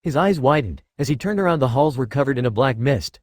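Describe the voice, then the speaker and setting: Männlicher Erzähler, trocken aufgenommen. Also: male voice, mid-range voice, lively intonation, quick pace, no room sound, clean studio sound. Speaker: narrator. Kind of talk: reading fan fiction aloud.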